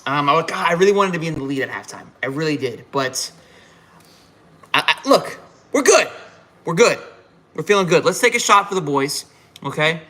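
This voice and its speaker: A man's voice: on the high side, animated, a little fast, bright, forceful tone. A tipsy man hosting a live halftime reaction stream, fired up and rambling with frequent restarts. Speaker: fan livestream host.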